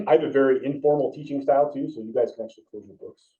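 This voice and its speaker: A man's voice: medium pitch, fast talker. A man teaching an EMT class in an informal, casual way, often asking the students questions. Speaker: EMT instructor. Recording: dull distant room recording.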